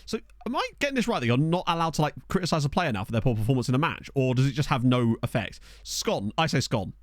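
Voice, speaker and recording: Lively chatty Southern English guy. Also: medium pitch, very fast, no room sound, studio quality. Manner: chatty, rambling, answers chat as he plays. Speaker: streamer. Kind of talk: casual gameplay commentary while reading chat. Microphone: desk microphone.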